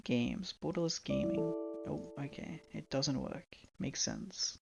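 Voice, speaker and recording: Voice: mid-range voice, wildly swooping pitch, takes it slowly, vocal fry, over loud music. A young adult Australian live streamer chatting casually and rambling, laughing often and swearing freely.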